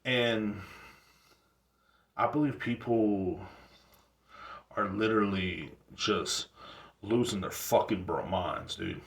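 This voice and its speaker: A man's voice: on the low side, slow, long pauses, a bit bright. A man in his thirties hosting a talk show, ranting casually in loose, slangy, profane talk with rambling restarts. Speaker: show host. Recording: roomy sound from a distant mic.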